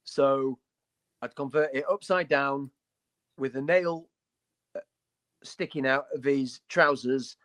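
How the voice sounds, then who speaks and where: A man's voice: mid-range voice, takes it slowly, long pauses, fairly bright tone. A man co-hosting a casual hobby podcast, talking with enthusiasm, blunt jokes and playful asides. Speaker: podcast co-host.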